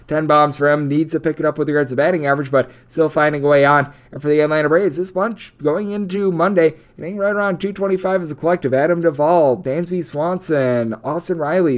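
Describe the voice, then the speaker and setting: A man giving a rapid, numbers-heavy baseball betting preview as a sports betting analyst. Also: mid-range voice, smooth. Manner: rapid, numbers-heavy delivery with a recurring stock phrase.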